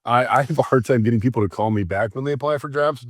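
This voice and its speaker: A man's voice: medium pitch, fast talker, dry recording. A man from Missouri, a guest co-host on a podcast, chatting casually and making dry joking remarks. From Missouri, USA. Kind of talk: casual chat.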